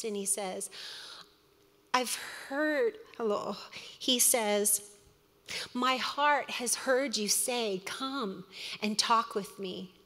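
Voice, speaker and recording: A middle-aged woman teaching a women's Bible study, earnest and storytelling, with quick asides. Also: medium pitch, a bit bright. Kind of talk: sermon. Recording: long hall reverb.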